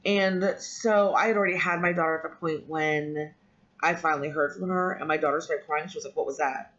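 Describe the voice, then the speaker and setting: A woman's voice: low-pitched, steady tone, brisk, a bit bright. A woman vlogger telling a personal story in a candid, rambling way, with frequent ums and restarts. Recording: dull lo-fi audio.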